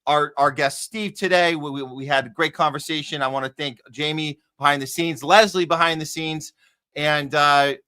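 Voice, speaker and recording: A man's voice: on the high side, steady tone, moderate pace, sharp tone, smooth. A man hosting a live news podcast from a home studio, talking casually and upbeat, often restarting his sentences. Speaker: podcast host. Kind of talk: casual live show chat.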